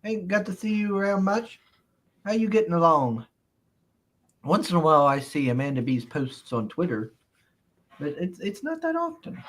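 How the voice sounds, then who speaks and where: A man's voice: sits high, big pitch swings, moderate pace, pauses often, fairly bright tone. A man hosting a casual live chat show, reading viewer comments with playful mock indignation and frequent laughter. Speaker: host.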